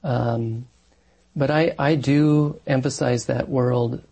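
A man's voice: mid-range voice, fairly even intonation, takes it slowly, creaky, dark tone. A man who is a married Catholic parish priest, answering interview questions in an earnest, thoughtful way with many fillers and restarts.

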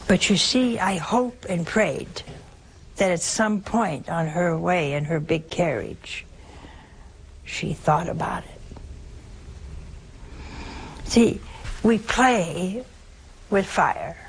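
A woman preaching at a slow, deliberate pace, earnest and storytelling, often posing rhetorical questions. Her voice sits at an ordinary middle pitch, with a faint hum of the room behind her. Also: expressive, rough recording. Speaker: nun preaching. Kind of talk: sermon.

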